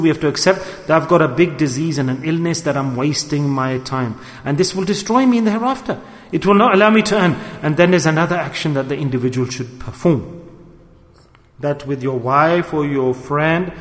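A man giving a sermon, animated and acting out the voices he quotes. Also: on the high side. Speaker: preacher. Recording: echoey hall.

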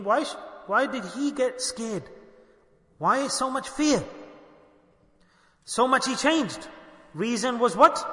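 A man's voice: high-pitched, bright, forceful tone. A man preacher telling a story in a sermon, fervent and rising to emphatic outbursts. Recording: echoey hall.

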